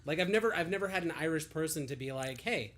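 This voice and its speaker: A man's voice: fairly high pitch, fast talker, slight background noise. A young man co-hosting a podcast, chatting casually and swearing freely, often laughing. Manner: relaxed, profane, laughs often. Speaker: podcast co-host. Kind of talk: casual chat.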